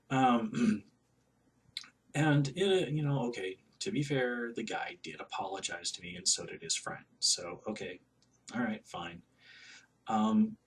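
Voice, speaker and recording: A man with a lowish voice tells a story in a casual, halting way. He stops and restarts often, with plenty of ums and likes. The mic sits a bit away from him, and faint noise hums in the background. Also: fairly bright tone, recorded from a distance. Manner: hesitant, many fillers and restarts. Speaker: vlogger.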